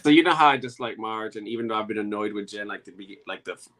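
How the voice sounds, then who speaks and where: A man's voice: lowish voice, fast talker, a bit bright. A man co-hosting a casual reality TV recap show, giving his opinions in a plainspoken way with casual grammar. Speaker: podcast co-host.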